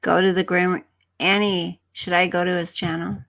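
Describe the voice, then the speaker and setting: A woman's voice: lowish voice, flat delivery, normal speed, gravelly, a bit bright. A woman hosting a casual livestream, chatting to viewers by name and now and then dropping into whispered asides. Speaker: livestream host. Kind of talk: casual livestream chat, reading viewer comments.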